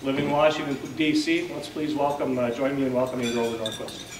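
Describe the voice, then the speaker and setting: A male host speaks at a lunch forum in a conversational way, pausing often on filler words. He sits back from the microphone in a reverberant banquet room. Cutlery and dishes clink audibly behind him. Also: mid-range voice, flat delivery, very noisy. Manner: plain, conversational, with frequent "uh" fillers. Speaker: event host introducing a speaker. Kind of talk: luncheon speech and introduction. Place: banquet hall at a lunch event. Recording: roomy, distant mic with clinking dishes.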